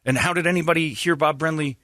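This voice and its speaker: A man's voice: a little high, fast talker, pushed and bright, no room sound, studio quality. A man hosting a radio show, telling a rambling, joking anecdote in a blunt, casual way. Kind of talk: casual talk-radio storytelling.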